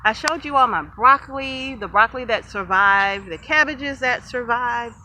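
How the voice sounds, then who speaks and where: Woman, fairly high voice, chatty and excitable, garden tour vlog, outdoors. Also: moderate pace, a little hiss or hum. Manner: chatty, excitable, addresses viewers often, laughs easily. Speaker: homesteader showing her garden.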